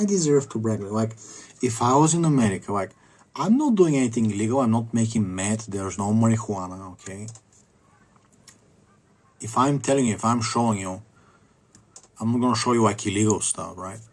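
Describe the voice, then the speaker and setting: A man's voice: lowish voice, moderate pace, long pauses. A man ranting in a casual vlog, rambling with many fillers and restarts. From Bulgaria. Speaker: vlogger.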